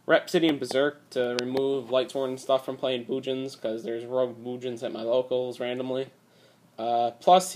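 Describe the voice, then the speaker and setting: A young man with a mid-range voice rambles through a casual card game deck profile, using plenty of fillers. His voice sounds a bit strained from talking so much, and it was recorded on a tablet.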